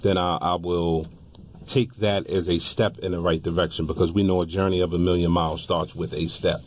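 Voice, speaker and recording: A man co-hosting a talk show, speaking in a halting way and repeating words as he thinks. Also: low-pitched, level tone, a little mellow. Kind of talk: casual discussion.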